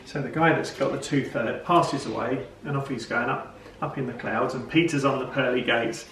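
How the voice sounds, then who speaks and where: A man's voice: mid-range voice, fairly even intonation, normal speed, fairly bright tone, slight background noise. A middle-aged man, telling a rambling joke and chatting casually to camera at home. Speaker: vlog host. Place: home, indoors. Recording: roomy, from far off camera.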